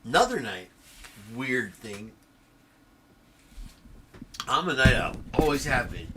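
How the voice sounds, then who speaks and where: Bright-voiced, profane middle-aged male streamer. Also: medium pitch, slow pace, slight background noise. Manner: profane, tangent-prone, animated retelling. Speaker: livestream host. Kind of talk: rambling storytelling on a livestream.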